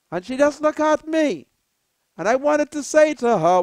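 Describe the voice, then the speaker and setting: A Bahamian woman hosting a political talk show, giving an impassioned monologue in a preacherly way that rises to shouted appeals. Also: high-pitched, big pitch swings, normal speed, dry recording. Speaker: political commentator, show host.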